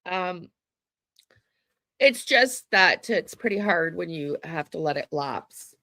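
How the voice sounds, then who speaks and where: A woman's voice: fairly low pitch, animated, takes it slowly, bright, forceful tone, no echo. A woman hosting a true crime livestream, chatting casually with viewers, greeting them by name and laughing often.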